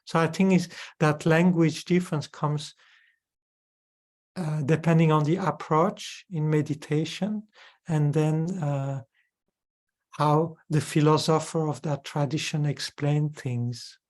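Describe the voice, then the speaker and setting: A male Buddhist teacher explains a subtle point of philosophy to a student. He talks in a measured, explanatory way and keeps checking that his listeners follow. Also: on the high side, fairly even intonation, darkish tone. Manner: measured and explanatory, with tag questions. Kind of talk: dharma teaching, answering questions.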